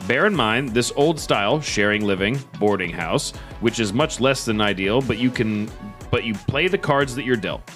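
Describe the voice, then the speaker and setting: A man's voice: lowish voice, lively intonation, moderate pace, fairly bright tone, soft background music. A man co-hosting a comedy podcast, reading online stories aloud and breaking in with laughing asides. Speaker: podcast co-host.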